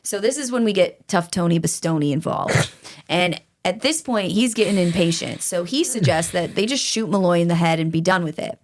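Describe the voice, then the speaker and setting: A woman co-hosting a podcast, telling a true crime story in a casual, animated way, swearing freely and laughing as she goes. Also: on the low side, fairly quick.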